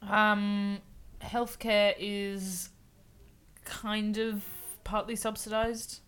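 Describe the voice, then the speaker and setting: A young Australian woman in easy, casual conversation. She talks in a relaxed, giggly way, explaining words with plenty of "like" and "um". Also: medium pitch, drawn-out words, clear, resonant tone. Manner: chatty, giggly, explaining slang. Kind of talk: casual chat.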